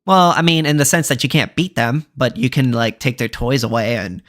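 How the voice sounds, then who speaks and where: A man in the middle of a heated online debate, blunt and argumentative. He keeps pressing the same questions again and again. His voice sits at an ordinary middle pitch. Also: brisk, fairly bright tone. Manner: argumentative, blunt, repeats challenges. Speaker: debater, channel host.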